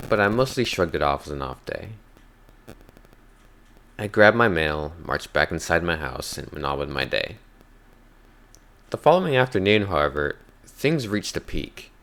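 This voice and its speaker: A man with an extremely deep, low voice tells a scripted horror story. His narration is measured and unhurried, leaning into the calm of first-person telling.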